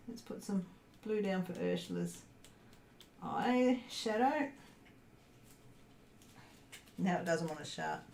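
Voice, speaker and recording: A woman's voice: fairly low pitch, creaky. A woman chatting casually to viewers during a crafting livestream, muttering to herself as she works. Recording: echoey room, faint background noise.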